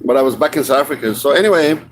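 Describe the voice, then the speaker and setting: A man's voice: medium pitch, animated, rapid-fire, slight background noise. A man vlogging in a rambling, casual monologue, swearing freely and often restarting his sentences. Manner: meandering, profane, many restarts.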